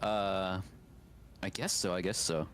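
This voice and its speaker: A co-streamer chatting casually in a slow, laid-back way during a game stream. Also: deep voice, steady tone, a bit bright, slight background noise. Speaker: co-streamer guest. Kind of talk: casual gaming chat.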